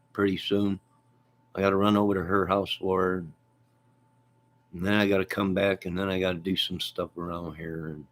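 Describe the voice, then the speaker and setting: A man's voice: sits low, vocal fry, fairly bright tone, slightly rough. A man hosting a casual live stream from home, rambling about his day, reading out viewer comments and laughing often.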